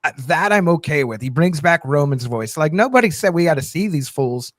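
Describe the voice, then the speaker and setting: A man chatting casually about a movie trailer in an animated way, restarting his sentences and saying "like" a lot. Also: a little high, fairly quick, no echo, clean studio sound. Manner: animated, repeats words and restarts, says "like" often. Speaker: podcast co-host.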